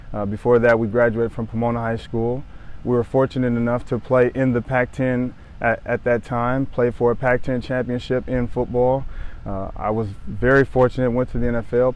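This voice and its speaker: A man in his thirties from Southern California who speaks earnestly and haltingly, often repeating phrases as he tells a personal story to the camera. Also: mid-range voice, darkish tone. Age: 30s. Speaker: former pro football player sharing his story.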